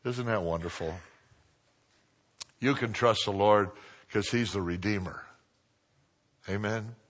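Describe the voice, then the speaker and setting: A man preaching a sermon, joking with his congregation and swinging from quiet asides to loud exclamations. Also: lowish voice, slow.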